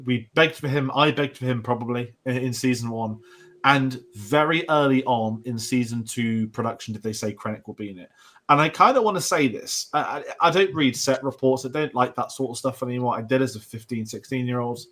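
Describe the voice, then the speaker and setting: A young British man hosts a casual show discussion, his medium-pitched, fairly bright voice moving fairly quickly. He rambles, restarting sentences and wandering into asides as the podcast host.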